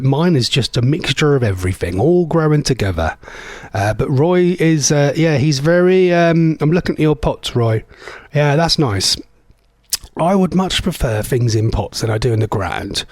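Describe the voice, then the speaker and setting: A man's voice: medium pitch, no room sound. A tired man hosting a local radio show, chatting casually and rambling while reading out listener messages. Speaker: radio host. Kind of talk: casual chat between songs.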